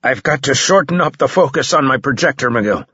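A man's voice: a little high, lively intonation, measured pace, pushed and bright, slightly rough, no room sound, dull audio, voice pushed up, full character voice. A man voicing a wounded, gasping soldier. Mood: urgent, strained. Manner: terse, urgent, gasping for air. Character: wounded gruff male soldier, panting.

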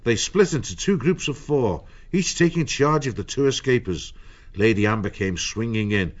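A man reading an audiobook in a measured storytelling manner. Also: mid-range voice, expressive, highs cut off. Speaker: narrator. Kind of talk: audiobook narration.

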